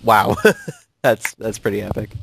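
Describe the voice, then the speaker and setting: A man ranting about games in casual chat with a friend, animated and quick to curse and laugh. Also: lowish voice, vocal fry, a little hiss or hum. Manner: animated, swears freely, laughs often. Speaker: co-host of a gaming channel.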